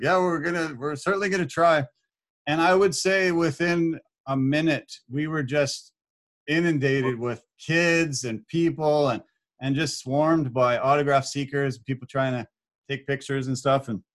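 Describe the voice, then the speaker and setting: A man with a fairly high-pitched voice, a corporate speaker appearing as a podcast guest, tells a story casually and with animation. He laughs often and acts out what people said.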